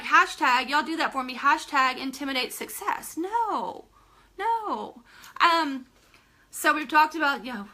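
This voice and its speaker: A woman's voice: sits high, pushed and bright. A woman giving a live motivational talk to team leaders, emphatic and direct, repeating phrases for stress and asking viewers to comment. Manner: addresses listeners directly, asks for comments.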